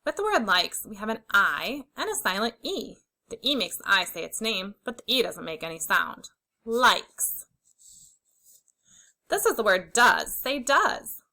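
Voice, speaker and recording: A young adult woman teaching a phonics lesson to young children, sounding out letters slowly and clearly with encouraging praise. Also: medium pitch, pushed and bright, poor audio.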